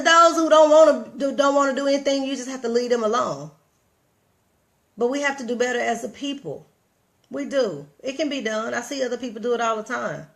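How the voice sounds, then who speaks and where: On a livestream, a vlogger with a Southern US accent delivers casual motivational talk, animated and preachy, speaking straight to viewers and reading out their comments. Her voice sits high.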